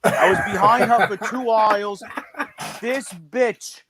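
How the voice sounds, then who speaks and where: A man's voice: sits high, steady tone, slow pace, noisy background. A man from the New York area co-hosting a podcast, ranting bluntly and swearing a lot. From northern East Coast of the US, New York area. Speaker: podcast co-host. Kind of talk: casual podcast chat.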